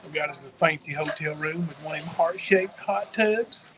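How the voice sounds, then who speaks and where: A man's voice: on the high side, normal speed, noisy background. A man chatting casually on a date night livestream, joking and laughing between remarks. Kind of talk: casual chat. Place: restaurant, then picking up takeout.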